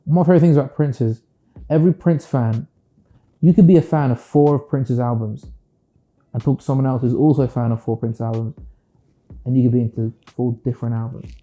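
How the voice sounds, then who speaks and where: A British singer-songwriter speaking in a casual interview, reflective and playful, often slipping into quoted voices. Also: male voice, medium pitch, steady tone, a little fast, dark tone, highs cut off. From United Kingdom.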